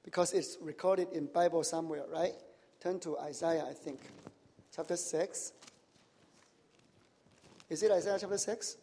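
High-voiced preacher in a reverberant hall. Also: male voice, steady tone, unhurried, pauses often, dark tone, husky. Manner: nonnative grammar, frequent "right?" and "huh?" tags. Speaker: pastor. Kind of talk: sermon with questions to the congregation.

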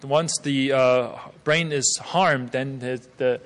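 A man interpreting a sermon sentence by sentence, with halting restarts. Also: mid-range voice, steady tone, a bit bright, long reverb tail. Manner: halting restarts, mimics the preacher's stern tone.

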